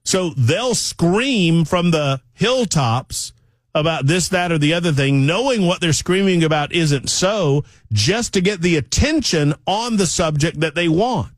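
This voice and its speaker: A man's voice: on the high side, animated, a little slow, no echo, studio quality. Emphatic talk radio man. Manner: emphatic and sarcastic, addressing listeners directly. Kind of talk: opinionated political talk radio monologue. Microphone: studio microphone.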